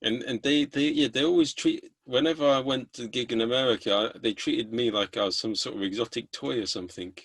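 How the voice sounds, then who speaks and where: An English man hosts a comedy podcast in a husky, mid-pitched voice, talking casually and giving blunt opinions. The recording is dry and close. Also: brisk, few pauses, a bit bright, no room sound. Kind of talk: casual podcast chat over a video call.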